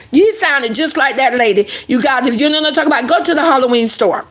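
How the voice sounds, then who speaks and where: A woman's voice: high-pitched, fast talker, hardly any pauses. A woman giving casual, emphatic commentary straight to her viewers as an online creator. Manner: animated and emphatic, addresses viewers directly.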